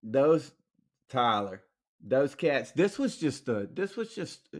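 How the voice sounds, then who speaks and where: Animated man telling war stories. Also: mid-range voice, slow pace. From Alabama, USA. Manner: slangy, profane, animated storyteller acting out quoted dialogue. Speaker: podcast guest, military veteran. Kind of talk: casual storytelling in a podcast interview.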